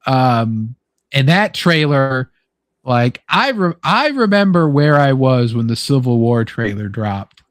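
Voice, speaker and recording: A young man hosting a casual chat, excitable and swearing freely, acting out quotes as he talks. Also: mid-range voice, slow pace, no echo, clean studio sound. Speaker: podcast host.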